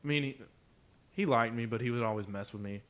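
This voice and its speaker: A young man on a podcast, telling school stories in an excitable, casual way. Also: medium pitch, quick pace. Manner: lively, excitable storyteller. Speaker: podcast co-host. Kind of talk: casual storytelling chat.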